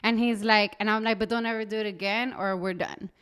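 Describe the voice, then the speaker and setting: A woman's voice: mid-range voice, a little fast, clean tone. A young adult woman co-hosting a casual chat podcast, telling personal stories and acting out the dialogue. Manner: animated storytelling, acting out quoted dialogue. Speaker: podcast co-host.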